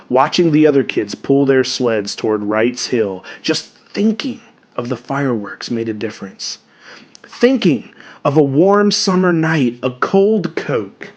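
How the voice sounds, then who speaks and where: A man hosting a podcast, reading a story aloud with expressive delivery that drops soft on dark lines. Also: medium pitch, dull audio.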